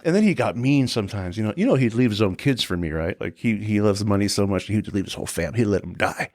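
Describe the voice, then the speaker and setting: A man's voice: on the low side, animated, fast, a little mellow, no room sound, studio quality. A man in his forties, a guest on a podcast, telling casual anecdotes with lots of swearing, acting out quotes and laughing often. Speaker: guest, tour security guard.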